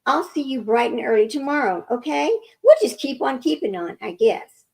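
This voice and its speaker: A woman's voice: sits high, expressive, normal speed, vocal fry, a little mellow, poor audio. Woman reading as a self-pitying fake doctor. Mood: weary sentimental.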